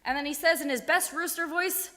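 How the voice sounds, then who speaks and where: A woman telling a story to a group of children, animated and asking them questions along the way, in a synagogue sanctuary. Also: high voice, a little fast. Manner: animated, asks the kids questions. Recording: echoey hall.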